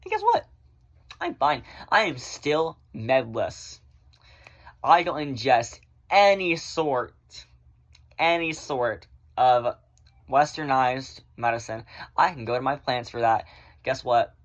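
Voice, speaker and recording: A man chatting casually in a vlog, rambling through viewer questions and swearing freely, often in fast bursts. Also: mid-range voice. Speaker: vlogger answering viewer questions. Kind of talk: casual chat.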